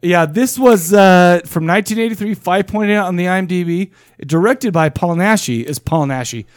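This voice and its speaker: A man's voice: sits high, normal speed, no echo, studio quality. A man co-hosting a podcast in casual chat, rambling and joking with frequent laughs. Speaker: podcast co-host.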